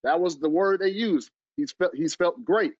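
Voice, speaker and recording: A man's voice: high voice, normal speed, darkish tone, no room sound, dull audio. A man reporting sports news on a debate show, talking hesitantly with restarts.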